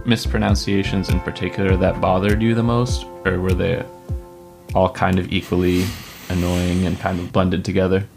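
A man's voice: low-pitched, level tone, moderate pace, creaky, music in the background. A man hosting a podcast, asking easygoing questions and laughing along. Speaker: podcast host. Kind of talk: casual interview chat.

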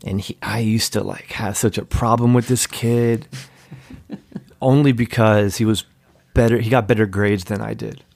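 Laid-back man with a gravelly low voice. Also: steady tone, a little slow, darkish tone, no echo. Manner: laid-back, jokey, mimics voices in anecdotes. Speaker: podcast guest. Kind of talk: casual storytelling.

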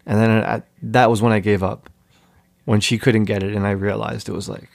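A man's voice: lowish voice, little pitch movement, moderate pace, creaky, dry recording, clean studio sound. A man telling casual, jokey stories as a podcast guest, in a laid-back way. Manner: laid-back, jokey, mimics voices in anecdotes. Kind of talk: casual storytelling.

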